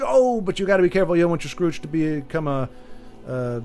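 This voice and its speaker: A man streams a video game in a somewhat high voice, joking and rambling as he chats with viewers. Faint game music plays behind him. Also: big pitch swings, quick pace, darkish tone. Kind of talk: casual gaming commentary.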